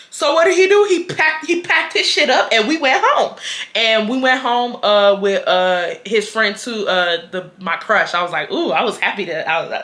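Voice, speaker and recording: A woman in her twenties from Houston telling a storytime vlog in casual chat, animated and acting out what people said. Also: a little high. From Houston, Texas. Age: 20s. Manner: animated, quotes people, switches between laughing and getting fired up. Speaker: vlogger.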